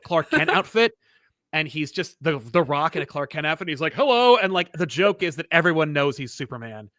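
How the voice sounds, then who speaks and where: A man hosting a casual chat about comics, animated, often restarting sentences and acting out quoted lines. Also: fairly high pitch, brisk, no echo, clean studio sound. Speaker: podcast host.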